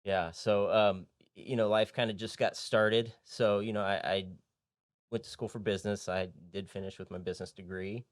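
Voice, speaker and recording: A man's voice: fairly low pitch, fairly even intonation, normal speed, dry recording. A man from Indianapolis, a real estate agent and podcast guest, telling his story in an earnest, rambling, easygoing way in a recording studio. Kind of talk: casual interview storytelling.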